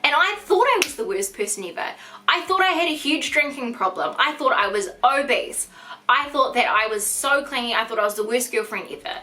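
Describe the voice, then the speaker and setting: Bright-voiced New Zealand woman in her twenties. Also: fairly high pitch, lively intonation, a little fast, a little hiss or hum. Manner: frank and chatty, heavy use of "like". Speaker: vlogger. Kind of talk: candid storytime monologue.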